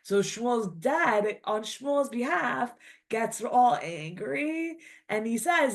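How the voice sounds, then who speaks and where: A woman's voice: fairly high pitch, lively intonation, slow pace. A woman teaching a classic text, reading lines aloud and then explaining them in loose, chatty English full of "like". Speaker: Torah teacher. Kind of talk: casual text-study lesson.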